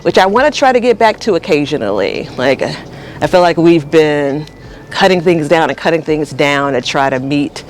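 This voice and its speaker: A man's voice: a little high, animated, normal speed, slight background noise. Long-winded man touring his garden. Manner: long-winded, warm-hearted rambling. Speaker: garden vlogger host. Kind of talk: casual garden tour walkthrough. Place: outdoor home vegetable garden. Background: faint outdoor ambience, passing plane.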